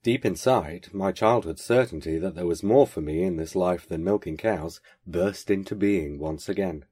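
A man with a deep voice and a husky, slightly rough edge reads a first-person story aloud. His delivery is measured and lightly wry. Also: mellow. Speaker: podcast host reading a story.

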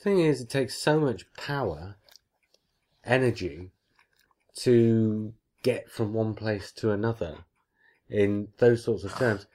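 A man co-hosting a podcast, chatting casually and reading a listener's email aloud with lively emphasis. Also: fairly low pitch, slow pace, pauses often. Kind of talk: casual chat.

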